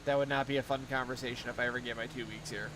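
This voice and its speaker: A man's voice: mid-range voice, fairly even intonation, racing, noisy background. A young man streaming live, chatting casually in a rambling, profane way and laughing often. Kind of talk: casual chat while streaming a game.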